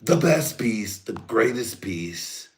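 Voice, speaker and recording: A man doing a slow, drawn-out impression of a boastful older male politician who praises himself. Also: lowish voice, big pitch swings, pitched above the performer's own voice. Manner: slow drawn-out bragging delivery.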